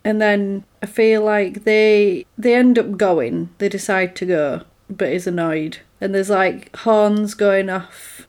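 A woman in casual chat, retelling a film's story with lots of animation. She keeps dropping into quick character voices as she goes, her pitch sitting in a middle range. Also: a little mellow.

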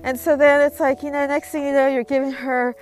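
Woman, casual advice vlog, rambling, conversational, slightly high voice, faint background music. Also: little pitch movement, a little fast. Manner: rambling, conversational, full of "you know" and "like". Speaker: vlogger giving advice.

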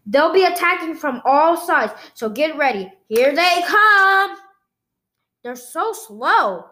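High-voiced woman reading a story slowly. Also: expressive, sharp tone. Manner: reads out sound effects and dialogue alike. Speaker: storyteller reading a graphic novel aloud. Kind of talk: read-aloud storytelling.

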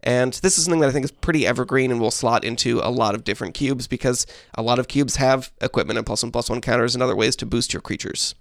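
A man's voice: medium pitch, creaky, dry recording, studio quality. Man explaining card mechanics at length. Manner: explains at length, measured and dryly joking. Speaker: podcast co-host. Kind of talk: casual chat.

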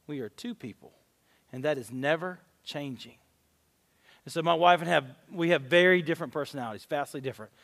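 A man's voice: fairly high pitch, a little fast, vocal fry, a bit bright. A man in his forties, a pastor giving a conversational sermon, candid and telling stories with self-deprecating humor. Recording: long reverb of a large hall.

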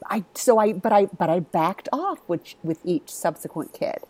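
Candid, swearing mom telling stories. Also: female voice, lowish voice, lively intonation, moderate pace, darkish tone, no echo. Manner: candid storytelling, swears freely. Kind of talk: casual chat.

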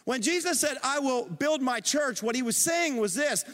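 A middle-aged man preaching a sermon as pastor, animated and calling on the congregation to respond. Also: extremely high pitch, normal speed. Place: church auditorium. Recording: long reverb of a large hall.

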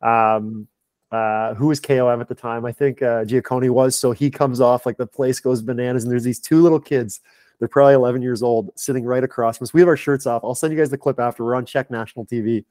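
A man's voice: medium pitch, fairly even intonation, fast talker, darkish tone, dry recording. Chatty man telling a story. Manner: chatty, lots of filler "like". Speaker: high performance director, podcast guest. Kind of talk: casual storytelling chat.

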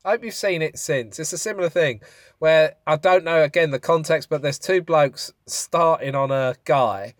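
A man's voice: on the high side, normal speed, dry recording, studio quality. A married man co-hosting a podcast, chatty and joking, asking questions in a casual chat. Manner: chatty, asks questions and jokes. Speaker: podcast co-host.

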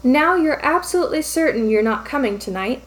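A cheerful young male secretary with a playful, teasing manner, as a woman reads him aloud. His lines come in a fairly high voice with an easy, upbeat delivery. It is a storybook-style fan fiction reading. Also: expressive, brisk. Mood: coaxing.

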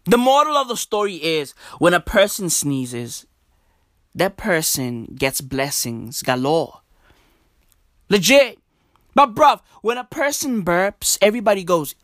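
A woman doing a profane, slang-filled comedic rant, repeating her catchphrases and slipping into soft mock-polite asides. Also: mid-range voice, very animated, slow, pauses often, no echo, clean studio sound.

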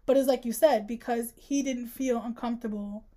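A woman co-hosting a podcast, chatting casually about a book, slangy and animated, acting out the characters' lines as she retells scenes. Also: a little high, a little fast. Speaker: podcast co-host. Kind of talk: casual book-discussion chat.

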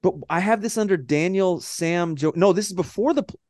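A man co-hosting a podcast in casual chat, animated and swearing freely as he jokes around. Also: sits high, a little fast, no room sound, clean studio sound. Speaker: podcast co-host.

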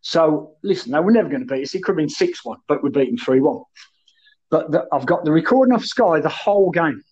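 A former footballer, appearing as a guest, tells rowdy, profanity-laden football stories in casual conversation and keeps calling the host by name. His voice is a little high, husky and slightly mellow, with lively intonation and a brisk pace, on a muffled recording. He was in his 30s at the time and is older now.

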